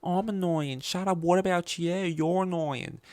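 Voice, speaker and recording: A man doing shrill bickering Australian soap women. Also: measured pace, darkish tone, dry recording. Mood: defensive. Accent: put-on Australian. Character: squabbling young women in a soap drama.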